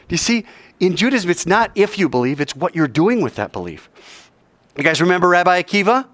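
A man preaches to students in a lively, conversational way, often asking his listeners questions. His voice sits fairly high and swings widely. The sound is close and dry. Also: brisk, dry recording. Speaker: speaker at a school chapel. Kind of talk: sermon storytelling.

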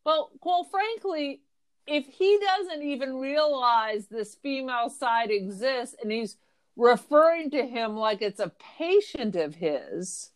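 Brief: sarcastic female podcast co-host, slightly high voice, chatty. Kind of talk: casual film discussion chat.

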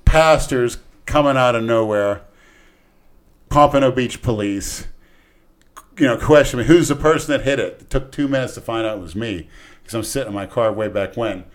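In a medium-pitched voice at normal speed, a middle-aged man from Florida tells rambling stories on a casual podcast. He plays the cops in his stories, loudly doing their voices.

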